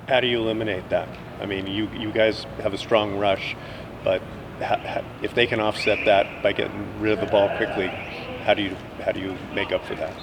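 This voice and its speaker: A man's voice: fairly low pitch, level tone, brisk. A man, a reporter, asking a question with stumbles and restarts. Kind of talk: press question. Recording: street noise.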